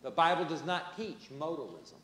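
A man's voice: on the high side, big pitch swings, normal speed, fairly bright tone, slight background noise. A male pastor preaching a sermon, stressing key phrases by repeating them. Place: church sanctuary. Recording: echoey church with long reverb.

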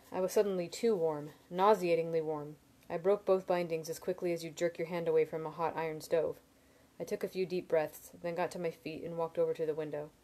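A woman reading a novel aloud in steady first-person narration, with small slips and restarts. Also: low voice. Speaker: reader.

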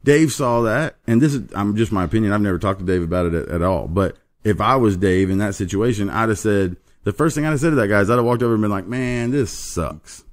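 A man's voice: on the low side, quick pace, hardly any pauses. A middle-aged man hosting a podcast in casual chat, rambling through stories and acting out the people he quotes, with plenty of swearing. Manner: rambling storyteller, profane, acts out the people he quotes. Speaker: podcast host.

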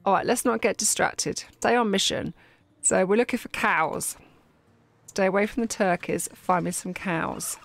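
A woman giving chatty, excitable commentary while playing a game. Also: medium pitch, moderate pace, gravelly, no echo. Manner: chatty, giggly, exclaiming. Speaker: game streamer. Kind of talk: gameplay commentary.

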